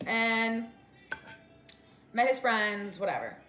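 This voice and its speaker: A woman's voice: on the high side, animated, slow, pushed and bright, echoey room, a little hiss or hum. A woman in her twenties telling a storytime rant, with lots of "like" and "whatever", while she eats. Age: 20s. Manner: chatty, fillers of like and whatever; eating while talking. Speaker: vlogger.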